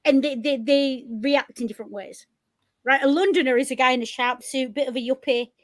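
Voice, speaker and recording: A woman with a Yorkshire accent chatting casually on a podcast, animated and blunt, swearing freely. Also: high-pitched, brisk. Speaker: podcast co-host. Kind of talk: casual chat.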